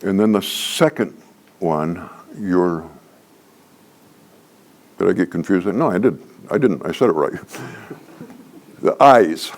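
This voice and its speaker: A man's voice: low voice, expressive, takes it slowly, long pauses. An older man leading a training workshop, teaching in a folksy, joking way and repeating his key points for emphasis. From Canada. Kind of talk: workshop lecture.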